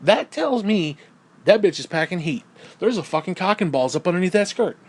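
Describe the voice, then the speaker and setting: Male ranter, slightly raised pitch, crude and heated, hammers points through repetition. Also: lively intonation, brisk. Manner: crude, heated, swears constantly; repeats phrases for emphasis. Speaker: video creator. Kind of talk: profane ranting monologue.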